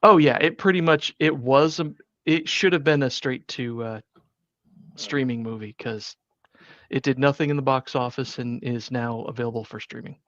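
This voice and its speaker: A man talks through a movie review in a loose, rambling way, full of restarts and fillers. His voice sits at an ordinary pitch. The recording is dry and a bit dull. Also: moderate pace, fairly bright tone, no room sound. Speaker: podcast host. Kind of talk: casual movie review chat.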